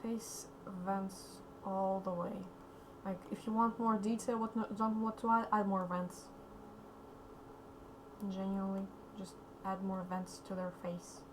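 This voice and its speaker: Woman, streamer, quiet casual commentary, rambling, slightly sore throat, background noise. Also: mid-range voice, level tone, a little slow. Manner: quiet, rambling, says okay a lot. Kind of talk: casual commentary while drawing.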